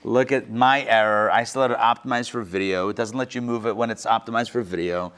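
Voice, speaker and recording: A rabbi teaching a live class, reading a text aloud and explaining it in a lively, playful way, acting out the quotes. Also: male voice, lowish voice, a little fast, clear, resonant tone. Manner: lively, acts out the quotes with playful modern paraphrase.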